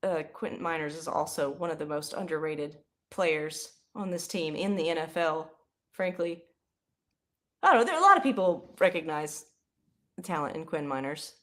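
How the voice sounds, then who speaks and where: Young woman chatting over a football stream, rambly, yells when plays go well. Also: on the low side. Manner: chatty, rambling, bursts into excited yelling. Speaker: livestream host. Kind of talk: casual live play-by-play reaction.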